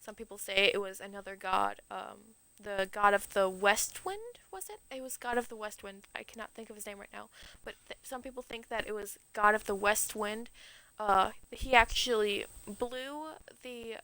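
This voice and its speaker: A woman's voice: mid-range voice, steady tone, moderate pace, sharp tone, clear, resonant tone, no echo, low-quality recording. A young adult woman streamer telling a myth in a rambling, slangy way, full of "like" and "um". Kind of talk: casual storytelling on a stream.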